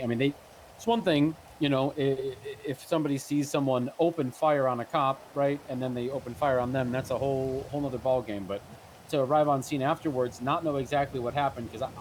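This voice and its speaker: A man playing a police captain in a roleplay, firm and measured, with frequent restarts. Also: medium pitch, slight background noise, low-quality recording. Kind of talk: in-character roleplay conversation.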